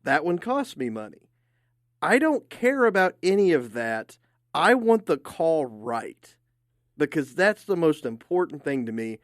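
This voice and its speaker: A man's voice: fairly high pitch, sing-song, unhurried, dry recording, studio quality. A man co-hosting a sports radio show, giving his opinions emphatically. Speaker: radio co-host.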